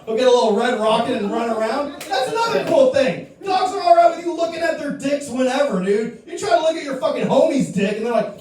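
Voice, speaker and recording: A man, a comic, ranting crude and profane in a stand-up debate, often shouting. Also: very high-pitched, expressive, a little fast, hardly any pauses. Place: comedy club stage. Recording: very echoey room from far off.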